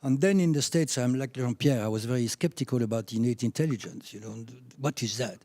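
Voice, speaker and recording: A man in his seventies from France with a French accent, telling anecdotes from his career as a chiropractor in a lively, laughing way. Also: mid-range voice, a little fast, dry recording. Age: 70s. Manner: animated anecdotes with laughs, rising when excited. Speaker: chiropractor speaking at a conference. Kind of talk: storytelling talk.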